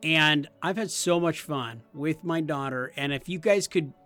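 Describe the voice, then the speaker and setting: Upbeat higher-voiced man chatting about games. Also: unhurried, soft background music. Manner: animated, acts out game moments in loud high voices. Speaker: podcast co-host. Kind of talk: casual chat.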